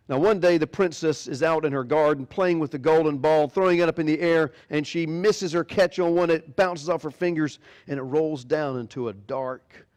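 A man's voice: a little high, a little mellow. A man preaching a sermon as pastor, animatedly retelling a fairy tale. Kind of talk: sermon storytelling.

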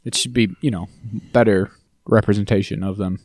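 A man co-hosting a podcast, chatting casually about a TV episode and jumping into animated impressions of the characters. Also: a little fast, no room sound, clean studio sound. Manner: animated, jumps high when mimicking characters. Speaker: podcast co-host. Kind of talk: casual chat recapping a TV episode.

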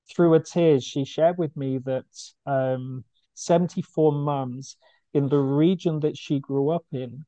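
A man speaks earnestly and heartfelt as a podcast guest, stopping and restarting his sentences as he tells his story. His voice is mellow and dark, at an average pitch. The recording is dry and close, with no room sound. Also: a little slow, dry recording. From United Kingdom. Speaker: charity founder. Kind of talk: podcast interview.

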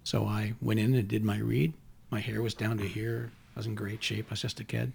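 Gravelly, husky Canadian man. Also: on the low side, little pitch movement, brisk, a little mellow. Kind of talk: casual chat.

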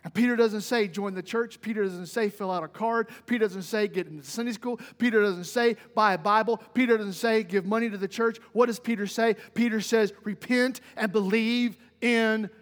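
High-voiced preacher in a reverberant church. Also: male voice, moderate pace, hardly any pauses. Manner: emphatic preaching, rising loud for quotes, dropping quiet at the close. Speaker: pastor. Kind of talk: sermon. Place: church sanctuary. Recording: long reverb of a church hall.

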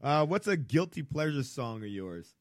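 A man's voice: a little high, very animated, moderate pace, dry recording. A man hosting a podcast, asking his guest easygoing, joking questions. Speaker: podcast host. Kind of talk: casual chat, interviewing.

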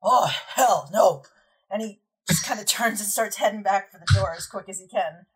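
Casting: woman game master, husky tone, mid pitch, casual rambling scene narration. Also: fairly quick, fairly bright tone, poor audio. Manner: loose descriptive narration full of "like" and "kinda".

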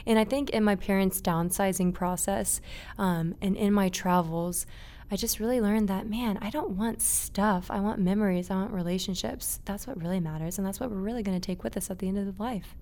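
A woman's voice: mid-range voice, moderate pace, darkish tone. A young adult woman, a guest in a casual interview, speaking earnestly and reflectively and laughing easily.

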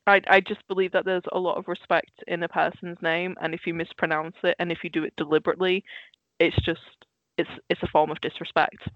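A young Dutch-accented adult from the Netherlands co-hosts a podcast, chatting casually in a brisk, mid-range voice with little pitch movement. The talk is passionate and rambling, with easy laughter. The recording has no echo but a dull lo-fi sound.

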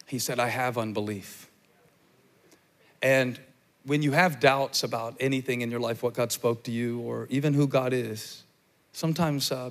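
Man preaching, soft to shouting. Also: mid-range voice. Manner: swings from quiet, intimate talk to loud, shouted preaching. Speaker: pastor. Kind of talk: sermon. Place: large church before a live congregation.

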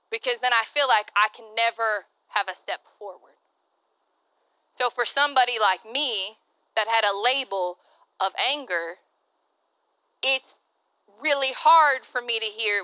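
A woman pastor delivers a candid, personal sermon, laughing often and slipping into the voices of people she quotes. Her voice sits high and bright with a smooth, clear tone. The sound is dry and close, with no room around it. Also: unhurried, pauses often, no room sound.

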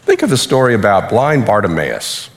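A man preaching a sermon with animated delivery, acting out quotes, while losing his voice. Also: on the low side, moderate pace. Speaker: pastor.

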